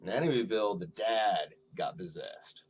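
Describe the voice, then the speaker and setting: A man's voice: on the low side, lively intonation, moderate pace, slight background noise. A man co-hosting a casual podcast, dry and argumentative as he corrects his co-host. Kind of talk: casual chat.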